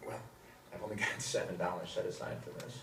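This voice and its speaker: An actor playing a friendly but pushy customer who coaxes and bargains. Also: male voice, deep voice, fast. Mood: coaxing. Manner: coaxing, bargaining. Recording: distant video playback in an echoey room, clear noise.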